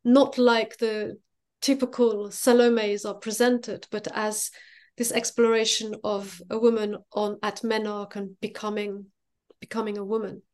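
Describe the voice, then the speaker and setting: A woman artist answering interview questions thoughtfully, pausing and searching for her words. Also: medium pitch, little pitch movement, a little mellow. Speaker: guest artist.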